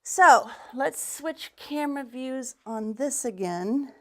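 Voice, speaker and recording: A woman's voice: high voice, animated, slow pace. A woman giving a live craft demonstration as a paint retailer, talking in a chatty, rambling way with restarts and muttered asides, a bit out of breath.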